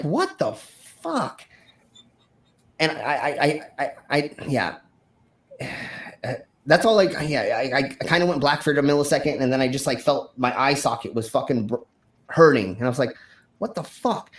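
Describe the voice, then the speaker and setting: A man hosting a stream, telling a wild story from his past in a rambling, profane way with many fillers and restarts. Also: on the high side. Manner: acts out his own shouted lines in the story. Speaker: stream host. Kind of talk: casual storytelling.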